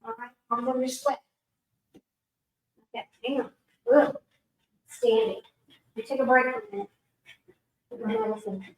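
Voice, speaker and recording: A woman's voice: high voice, expressive, normal speed, long pauses. A woman giving casual, rambling commentary at home, blunt and swearing, hot and sweaty as she talks to those around her. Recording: very echoey room, far from the mic.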